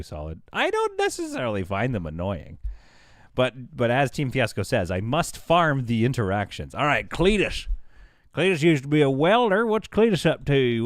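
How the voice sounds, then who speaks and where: A man livestreaming a game, chatting casually with his audience, animated and quick to laugh. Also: mid-range voice, no room sound, studio quality. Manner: chatty, talks to chat. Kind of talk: casual live game commentary.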